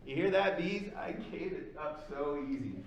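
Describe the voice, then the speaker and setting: A man voicing a boastful, carefree woman cop from a sitcom, calling out loudly and taunting. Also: fairly high pitch, unhurried, a little hiss or hum, natural voice. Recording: very echoey room, mic at a distance.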